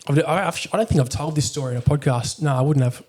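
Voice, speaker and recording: A man's voice: on the high side, quick pace, darkish tone. A man, a military veteran telling personal stories candidly as a podcast guest, bluntly and with a lot of swearing and fillers. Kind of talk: candid conversational storytelling.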